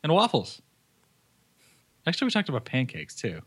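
A man's voice: medium pitch, wildly swooping pitch, moderate pace, a bit bright, husky. A man co-hosting a podcast in casual banter, playful and goofy, laughing often, recorded on a microphone in an office. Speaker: podcast co-host. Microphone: studio microphone.

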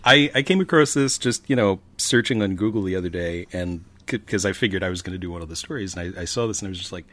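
A man's voice: low voice, fast, hardly any pauses, a bit bright. A man co-hosting a podcast, reading a news article aloud in a playful, dry way. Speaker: podcast co-host.

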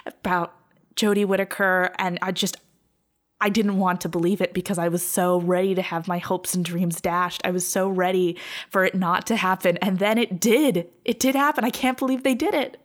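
A woman's voice: fairly low pitch, fairly even intonation, moderate pace. A woman co-hosting a podcast, chatting in a gushing, effusive way. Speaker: podcast co-host. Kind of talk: casual chat.

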